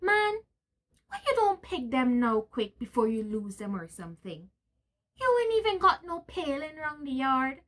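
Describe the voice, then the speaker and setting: A woman voicing a peeved, nagging village wife in a storybook reading, sharp and scolding. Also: high-pitched, sing-song, measured pace, pitched above the performer's own voice, full character voice.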